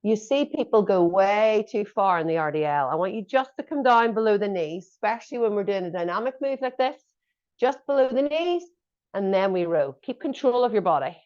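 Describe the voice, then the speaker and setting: A woman's voice: mid-range voice, expressive, fairly quick, a little mellow. A woman fitness instructor coaching a workout class, giving encouraging cues and joking asides. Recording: dull lo-fi audio.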